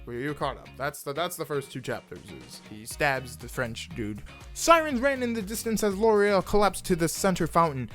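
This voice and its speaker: Animated young man reading fan fiction. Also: a little high, normal speed, soft background music. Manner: animated, stumbles over words, laughs at the text. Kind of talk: casual reading aloud with asides.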